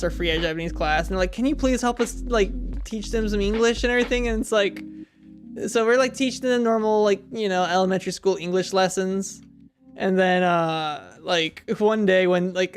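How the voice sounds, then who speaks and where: High gravelly-voiced man rambling over music. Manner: rambling storyteller, laughs often, talks to himself. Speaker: streamer. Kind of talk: casual chat while drawing. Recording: music playing under the voice. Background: clear background music.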